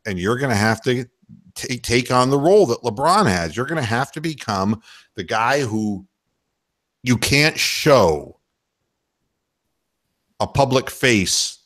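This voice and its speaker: A male sports radio host talks in a lively voice that swings up and down in pitch, sharp and bright in tone. He makes his points with emphatic, sarcastic certainty. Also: takes it slowly, long pauses. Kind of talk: casual sports talk chat.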